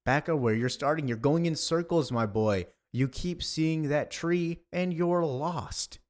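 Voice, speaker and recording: A man's voice: a little high, measured pace, pitched above the performer's own voice, natural voice. A man voicing an eccentric older informant who talks in a genteel, fussy, cryptic way.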